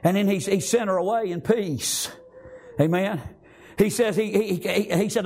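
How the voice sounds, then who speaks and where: High husky preacher. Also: male voice, moderate pace, a little mellow. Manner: fervent, repeats amen and praise God often. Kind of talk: sermon.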